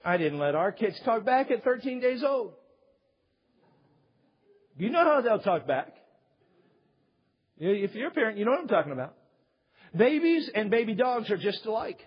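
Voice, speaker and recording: A man's voice: high voice, very animated, normal speed, long pauses, husky. A middle-aged man preaching a sermon to a church congregation, telling a funny story with self-mocking humor and then building to emphatic points. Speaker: pastor. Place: church sanctuary. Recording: hall reverb, dull lo-fi sound.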